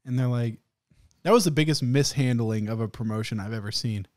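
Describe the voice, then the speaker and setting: A young man spins loose stories on a podcast and laughs his way through them, swearing as he goes. His voice sits at a middle pitch and sounds close and dry. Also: brisk, a little mellow, no echo. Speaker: podcast co-host. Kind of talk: casual chat.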